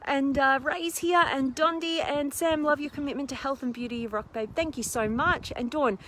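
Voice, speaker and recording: A woman's voice: sits high, normal speed, a bit bright. A woman hosting a live stream while walking up a steep hill outdoors, out of breath, bubbly and full of fillers as she reads out viewer comments. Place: outdoors in a windy park on a hill. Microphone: phone camera held while walking. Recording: faint outdoor noise.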